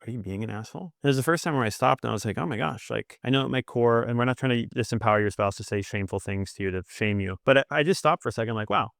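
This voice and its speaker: A man's voice: mid-range voice, creaky, a bit bright, dry recording, studio quality. A middle-aged man co-hosting a marriage podcast, speaking earnestly and acting out the lines of people in his stories. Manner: earnest, quick, acts out quoted dialogue. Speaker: podcast co-host. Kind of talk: candid marriage advice chat.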